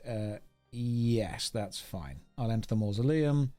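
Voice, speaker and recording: A man from the UK talks to his chat on a live gaming stream in a loose, rambling way, thanking viewers and poking fun at himself. His voice sits at a middling pitch, and he speaks into a desk mic at his home streaming setup. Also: lively intonation, slow, a little mellow, faint music behind. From United Kingdom. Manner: chatty, rambling, thanks viewers, wry self-mocking.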